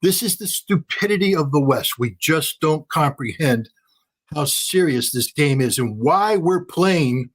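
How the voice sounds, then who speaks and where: Emphatic, fast-talking male guest commentator. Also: fairly high pitch, lively intonation, breathy edge. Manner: emphatic, rapid, repeats phrases for force. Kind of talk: heated interview commentary.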